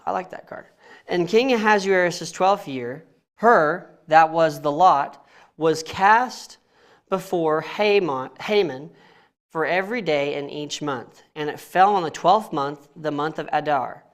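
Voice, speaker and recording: A man's voice: fairly high pitch, measured pace. A young man reading scripture aloud and teaching it casually in a church, often stumbling over names and laughing at himself. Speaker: Bible study teacher.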